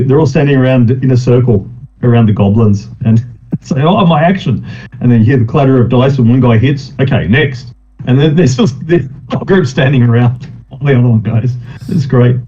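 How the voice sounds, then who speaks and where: A man with a mellow, darker voice, chatting in a loose, rambling way and laughing as he retells funny scenes. The sound is a little dull and lo-fi, like a home stream. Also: mid-range voice. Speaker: podcast host. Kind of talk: casual chat.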